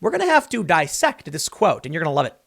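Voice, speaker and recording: Man, political commentator, high voice, lively swooping pitch, sarcastic monologue. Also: fast talker, creaky, husky. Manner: animated, sarcastic, mocks others with shrill impressions.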